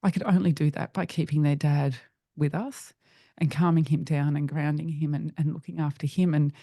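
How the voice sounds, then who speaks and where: A middle-aged woman, a podcast guest, telling a personal story in an earnest, halting way with frequent restarts. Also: deep voice, steady tone, creaky, dark tone, dry recording, clean studio sound.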